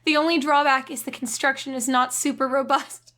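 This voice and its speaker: A woman's voice: high voice, steady tone, brisk, bright, forceful tone. Woman doing a glum dad reading his review. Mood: mournful. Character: glum father writing a product review.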